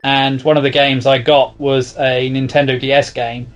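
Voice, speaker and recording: A man speaks as a guest in a mid-pitched, very flat voice with little rise or fall. He recalls old working habits in an even, measured manner. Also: muffled recording, soft background music. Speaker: guest, magazine co-editor. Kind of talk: casual reminiscing.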